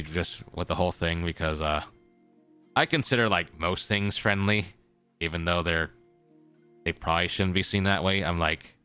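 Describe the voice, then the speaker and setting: Young male streamer, lowish voice with a sharp, bright edge, rambling casual chat, faint music underneath. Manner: rambling, self-correcting, repeats phrases. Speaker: streamer in character as a traveling merchant.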